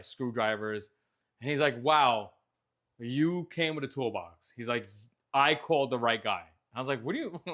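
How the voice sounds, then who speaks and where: A man's voice: mid-range voice, sharp tone. A man, hosting a casual chat show and telling a story with a lot of animation and frequent swearing. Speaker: host.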